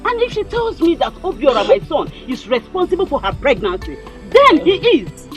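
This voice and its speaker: Reassuring Nigerian mother, lively inflection, faint music. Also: high-pitched, moderate pace. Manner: soothing, reassuring. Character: calm, assured noblewoman mother. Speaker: mother of Obiora. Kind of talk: film drama acting.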